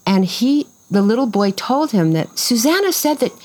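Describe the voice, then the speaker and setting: A woman's voice: fairly high pitch, moderate pace, rough recording. An older woman casually telling a long story in an interview outdoors on a farm, restarting sentences and acting out what people said. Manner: lively, acts out quoted voices, rambling restarts.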